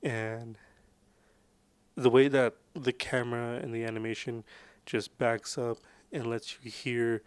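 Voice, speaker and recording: A man in a loose, casual movie recap, rambling and full of fillers. His voice is smooth and resonant, recorded close and dry. His pitch sits in a plain middle range. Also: a little mellow, dry recording. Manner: rambling, filler-heavy, laid-back.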